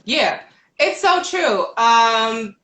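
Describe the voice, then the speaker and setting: A woman's voice: a little high, big pitch swings, drawn-out words, a bit bright, poor audio. A young woman co-hosting a casual live-stream talk, agreeing often and expanding on points in a conversational way. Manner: conversational, agreeable, frequent affirmations. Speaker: co-host.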